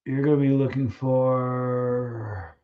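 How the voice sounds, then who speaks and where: A man's voice: mid-range voice, fairly even intonation, takes it slowly, narrow, tinny audio. A man hosting a casual live stream, chatting loosely with viewers, reading out their questions and trailing off while he searches for names.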